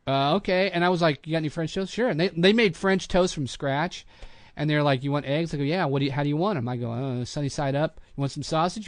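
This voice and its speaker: Animated storytelling man, dry sound. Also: on the high side, dry recording. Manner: animated anecdote-telling, acts out quotes. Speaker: podcast host, voice actor. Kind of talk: casual storytelling chat.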